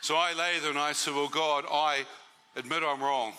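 A man's voice: a little high, steady tone, normal speed, pushed and bright, slight background noise. A man giving a testimony sermon to a church meeting, conversational and often asking the audience questions.

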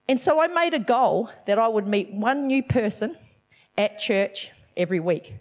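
High-voiced chatty woman sharing testimony. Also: normal speed. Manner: chatty, animated, self-deprecating with laughs. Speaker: speaker giving a church message. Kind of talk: personal testimony sermon.

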